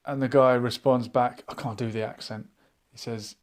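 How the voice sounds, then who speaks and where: A man hosting a live online chat show, musing out loud and reading viewers' comments aloud in a casual, thinking-aloud way. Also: medium pitch, fairly even intonation, normal speed. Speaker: livestream chat host.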